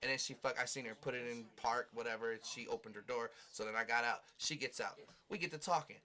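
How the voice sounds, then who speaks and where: A man telling a story with friends on a podcast, swearing a lot and acting out quotes in a higher voice. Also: fast, bright, forceful tone. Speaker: podcast guest.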